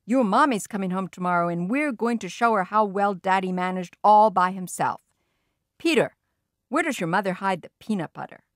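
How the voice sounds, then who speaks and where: A woman's voice: medium pitch, expressive, normal speed, no room sound, studio quality, natural voice. A woman voicing an eager, overconfident father in a storybook who coaxes his sons. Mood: coaxing. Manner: eager and coaxing.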